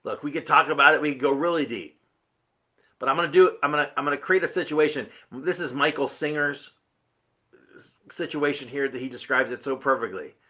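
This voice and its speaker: Guy doing a motivational talk, bright forceful voice, earnest and punchy. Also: medium pitch, a little fast. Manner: earnest, emphatic, rhetorical questions. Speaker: motivational speaker.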